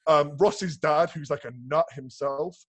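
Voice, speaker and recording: A man's voice: fairly high pitch, a little slow, dull audio. Man telling rambling, profane stories. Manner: rambling, profane, lots of restarts and fillers; animated storyteller. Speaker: guest, bodybuilding prep coach. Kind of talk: casual podcast chat.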